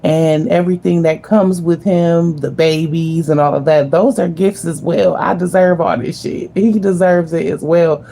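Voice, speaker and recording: With a warm, creaky, lowish voice and fairly even intonation, she talks at a moderate pace with few pauses, over slight background noise. The vlogger addresses her viewers directly in casual, earnest, spiritual and slangy talk, repeating phrases for emphasis.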